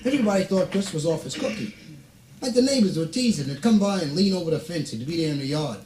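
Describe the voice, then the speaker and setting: A man doing stand-up comedy, telling a story with playful, deadpan asides and drawn-out punchlines. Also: fairly high pitch. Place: stage before a live audience. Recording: roomy live stage recording, audience laughter.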